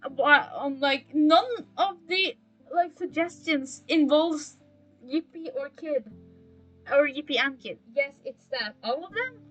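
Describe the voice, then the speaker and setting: A young German woman with a high, bright voice, speaking English with a German accent. She rambles and teases herself as she streams a building game. Soft game music plays behind her voice. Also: slow, low-quality recording. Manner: rambling, self-mocking, talks to chat. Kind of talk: casual live-stream chat while gaming.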